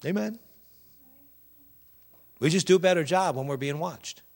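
A man preaching a sermon, emphatic and animated, addressing the congregation directly. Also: on the high side, measured pace.

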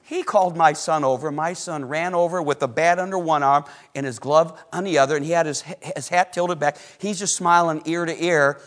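A middle-aged man preaching a sermon as pastor, telling a personal story animatedly, swinging between loud excitement and hushed moments and asking the congregation questions. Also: a little high, moderate pace, hardly any pauses.

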